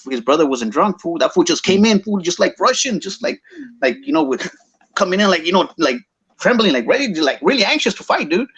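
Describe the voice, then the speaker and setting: A man's voice: high voice, fairly bright tone, husky, lo-fi sound. A man with a Chicano English accent telling a story casually, slangy and mixing English with Spanish.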